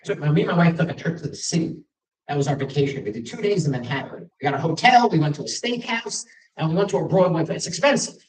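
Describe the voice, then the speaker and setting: A man's voice: fairly high pitch, lively intonation, quick pace. A middle-aged man from Long Island, doing a stand-up set with self-deprecating stories and acted-out dialogue. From Long Island, New York. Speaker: stand-up comedian. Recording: roomy venue, mic from a distance.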